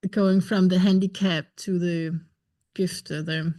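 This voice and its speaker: A woman's voice: lowish voice, fairly even intonation, a little slow, dark tone. Curious woman podcast host. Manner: curious, probing questions. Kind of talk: podcast interview.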